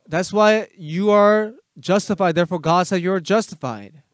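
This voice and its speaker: A man preaching a sermon as pastor, emphatic, firing rhetorical questions at the congregation and swinging between loud urging and soft asides. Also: high-pitched, moderate pace, dry recording.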